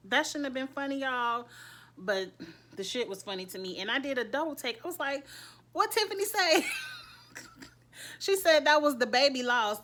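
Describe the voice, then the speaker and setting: A woman's voice: sits high, moderate pace, fairly bright tone. Laughing chatty woman reviewing a show. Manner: chatty, laughs often, quotes characters in funny voices. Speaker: TV recap vlogger. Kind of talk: casual episode review.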